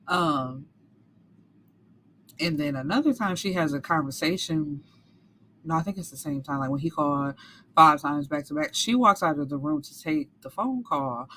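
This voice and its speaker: A woman's voice: low-pitched, lively intonation, normal speed, a bit bright, a little hiss or hum. A woman reviewing a book in a casual recap, talking candidly with some cursing and acting out characters' lines.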